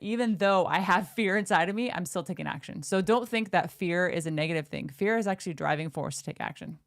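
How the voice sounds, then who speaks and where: A woman's voice: fairly low pitch, fast, no room sound. A woman co-presenting a business workshop, earnestly telling her own story and encouraging listeners. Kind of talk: motivational business talk.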